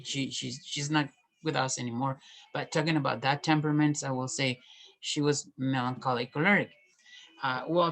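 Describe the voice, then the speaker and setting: Halting, soft-spoken man reflecting. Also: mid-range voice, low-quality recording. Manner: halting, many restarts and pauses. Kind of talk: personal reflective monologue.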